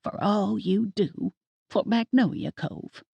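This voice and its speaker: A woman's voice: mid-range voice, takes it slowly, gravelly, mellow, breathy edge, no echo, highs cut off, full character voice. A woman voicing a stern older witch grandmother who speaks in clipped, curt lines. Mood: gruff.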